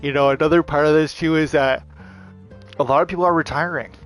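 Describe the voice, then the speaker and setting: A man's voice: a little high, steady tone, fast, faint music behind. A man giving a rambling, defiant monologue, leaning on "like" and "you know" fillers. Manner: defiant, mocking.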